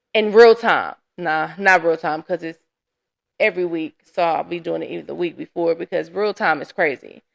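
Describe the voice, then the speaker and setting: A woman's voice: lowish voice, gravelly. A woman hosting a casual solo podcast, chatty and candid, sounding tired and laughing often. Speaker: podcast host. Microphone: camera.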